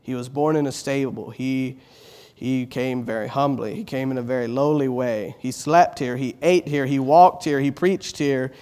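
A middle-aged man preaching a sermon, earnest, repeating words as he builds, rising loud on exalted phrases and dropping soft on tender ones. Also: medium pitch, steady tone, moderate pace.

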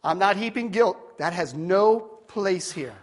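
A man in his fifties preaching a sermon, telling a story with self-deprecating asides and swinging from shouts to near-whispers. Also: high voice, takes it slowly. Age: 50s. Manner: animated storytelling, rising to shouts at peaks, dropping to near-whispers. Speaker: pastor.

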